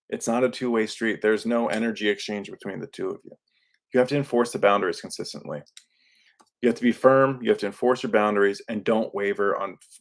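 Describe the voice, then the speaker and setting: Animated podcast host, man. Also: lowish voice. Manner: animated, acts out quoted lines; self-described yelling into a microphone. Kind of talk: casual podcast monologue. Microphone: studio microphone.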